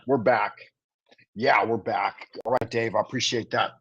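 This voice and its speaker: A man's voice: on the low side, fairly even intonation, a little slow, dull audio, noisy background. A man hosting a casual livestream food review, talking to his viewers in a playful, chatty way with rhyming patter and asides. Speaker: livestream host. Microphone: livestream setup.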